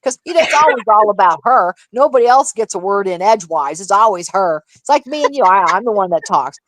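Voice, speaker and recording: A woman co-hosting a casual livestream chat, telling gossip in an animated, profane, laughing way. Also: mid-range voice, brisk, a little hiss or hum. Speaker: livestream co-host.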